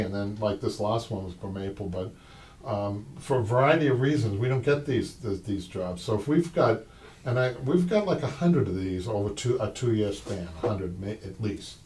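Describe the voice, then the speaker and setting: Rambling Boston-accented man, low voice. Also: darkish tone. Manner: rambling, with many restarts and asides. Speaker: upholstery shop owner and show host. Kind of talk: casual live-stream talk. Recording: distant mic with faint noise.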